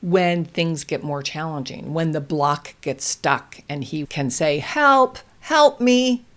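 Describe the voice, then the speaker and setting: A woman hosting a parenting show, giving calm, deliberate instructional advice to parents. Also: deep voice. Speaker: parenting host.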